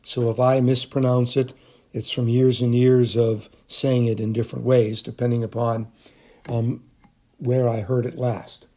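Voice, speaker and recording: In a flat, measured delivery, a middle-aged chemistry teacher talks through a screencast lecture without a script, restarting often and leaning on fillers. His voice is mellow and medium in pitch.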